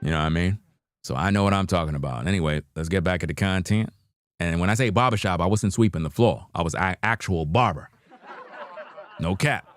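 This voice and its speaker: Here the deep-voiced livestreamer from New York moves at a brisk clip while reacting to videos. His relaxed chat is peppered with slang, chuckling, and frequent "you know what I mean" asides, captured with no room sound.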